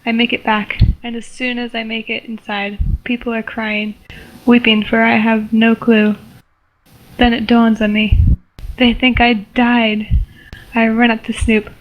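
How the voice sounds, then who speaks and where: Monotone young woman reading aloud. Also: on the high side, unhurried, highs cut off. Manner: flat, stumbling reading with giggles. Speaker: story reader. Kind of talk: reading a homemade story aloud.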